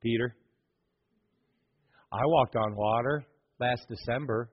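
A male pastor preaching a sermon, telling stories with animated swings between hushed and loud delivery. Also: medium pitch, slow, lo-fi sound.

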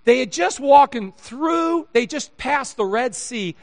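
A man's voice: very high-pitched, slow pace, creaky. A man preaching a sermon, telling funny stories and acting out the dialogue in them, laughing often. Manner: animated storyteller, acts out dialogue, laughs often. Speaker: pastor. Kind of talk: sermon with humorous storytelling.

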